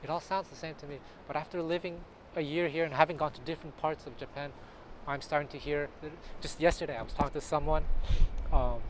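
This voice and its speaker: A man with a slightly high voice talks to camera as a jazz guitar teacher, chatty and loose, often restarting his sentences and tossing in animated asides. He is recorded outdoors on a city street, and clear traffic noise runs under his voice. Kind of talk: casual talking-to-camera vlog.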